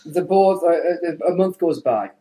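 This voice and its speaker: Crude joke-telling podcast host. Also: male voice, high voice, normal speed. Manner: crude, animated storyteller. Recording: roomy echo.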